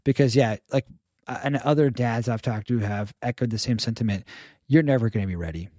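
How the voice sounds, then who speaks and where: A man chatting as a podcast guest, telling stories in a lively way and acting out the people he quotes. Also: mid-range voice, fairly quick, no room sound, studio quality. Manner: animated storyteller who acts out quoted people. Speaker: podcast guest, stay-at-home father. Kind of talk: casual podcast conversation.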